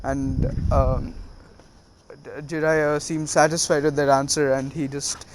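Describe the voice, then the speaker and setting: A man's voice: on the high side, flat delivery, takes it slowly, slight background noise, low-quality recording. A man casually retelling a fan story, rambling with many fillers. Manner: rambling, full of "uh" and "was like".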